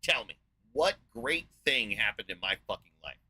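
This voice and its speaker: A man in his forties from the United States, giving a profane, sarcastic and exasperated rant as a video host, rambling with filler pauses. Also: on the low side, big pitch swings, bright, forceful tone, husky, rough recording. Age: 40s. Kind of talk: ranting monologue.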